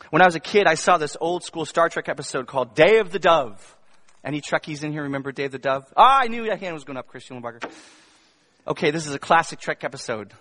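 A man's voice: medium pitch, fairly bright tone. A male pastor preaching a sermon to his congregation in a conversational way, with humorous asides and emphatic bursts. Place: church before a congregation.

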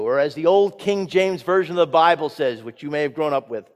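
A man's voice: fairly high pitch, brisk, hardly any pauses. Male pastor preaching in a reverberant sanctuary. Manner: dynamic preaching, swinging from loud emphatic peaks to soft hushed lines. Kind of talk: sermon. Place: church sanctuary. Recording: church sanctuary with long reverb.

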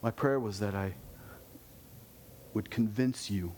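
A man preaching a sermon, animated, his voice climbing with intensity and dropping low to close points. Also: slow pace, slight background noise.

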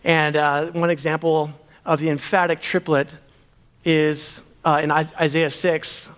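A man's voice: fairly high pitch, level tone, unhurried, a bit bright, clear, resonant tone. A man preaching a sermon, earnest, with rhetorical questions. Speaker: pastor.

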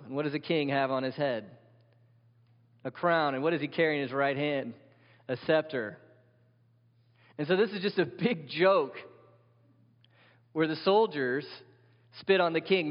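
Male pastor, emphatic sermon delivery, questioning the congregation, dull lo-fi sound with long hall reverb. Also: on the high side.

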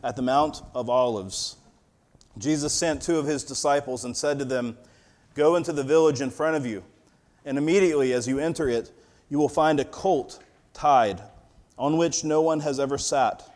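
A man's voice: medium pitch, normal speed, a little mellow. Man preaching a conversational sermon. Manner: conversational storytelling with a reading of scripture. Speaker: pastor.

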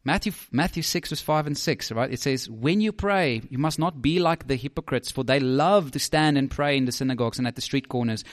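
A man preaching a sermon, lively and emphatic, often repeating words and asking "right?". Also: medium pitch, fairly quick, hardly any pauses.

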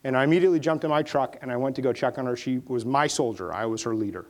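A man's voice: medium pitch, rapid-fire, darkish tone. A middle-aged male pastor telling a war story in a conversational sermon, building to impassioned preaching.

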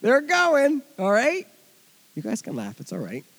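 Man, pastor, sermon, high voice, animated delivery, loud emphasis and quiet asides, chatty with congregation. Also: normal speed, creaky, husky. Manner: expository Bible teaching, conversational asides to congregation.

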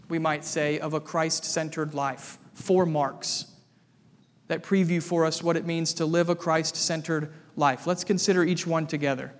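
Male pastor, sermon delivery, higher voice, deliberate emphasis, church reverb. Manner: measured, emphatic preaching with repetition.

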